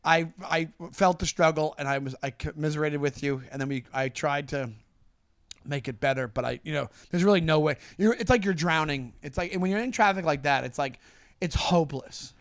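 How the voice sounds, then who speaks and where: A man in his thirties co-hosting a comedy podcast, talking in an animated, teasing way with quick laughs. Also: a little high, dry recording, clean studio sound. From New York area. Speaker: podcast co-host. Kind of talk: casual comedic chat.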